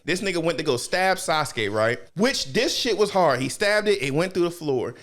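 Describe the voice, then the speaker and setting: A man on a podcast, breaking down an anime fight in loose, joking banter. His voice sits a touch high and swings widely as he laughs and acts out the characters in quick bursts. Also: very animated, a bit bright. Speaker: podcast co-host. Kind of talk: casual anime review banter.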